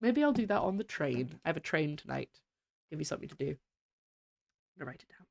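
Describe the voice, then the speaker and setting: A woman's voice: low-pitched, big pitch swings, a little fast, vocal fry, a little mellow, no room sound. A woman variety streamer chatting casually with her viewers while playing a game, welcoming and laughing often. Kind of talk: casual live-stream chat while gaming.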